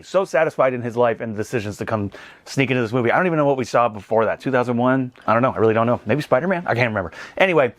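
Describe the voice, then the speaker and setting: Rapid, bouncy man in his thirties, rambling comedic movie recap, dry close sound. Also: medium pitch, dry recording. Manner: animated, rambling, laughs at his own jokes. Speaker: movie reviewer.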